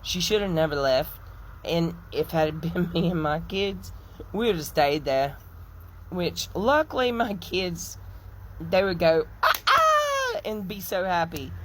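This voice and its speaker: A woman's voice: fairly low pitch, measured pace, noisy background. A middle-aged woman, giving emphatic, indignant commentary as she tells a personal story. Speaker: social media commentator. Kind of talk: impassioned stitch commentary.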